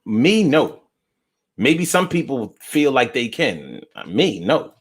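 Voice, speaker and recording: A man hosting a casual live stream, reading viewer comments and answering them in a playful, profane, animated way, swinging between loud outbursts and low mutters. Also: takes it slowly, husky.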